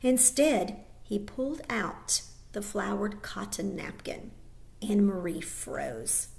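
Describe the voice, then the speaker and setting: A woman teacher reading a children's novel aloud to her class, expressive and with small slips. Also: medium pitch, takes it slowly, vocal fry.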